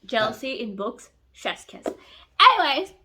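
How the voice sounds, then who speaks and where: A woman's voice: on the high side, normal speed, pushed and bright, a little hiss or hum. A woman vlogging about a book she is reading, gushing over it and squealing with delight. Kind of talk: excited reading vlog.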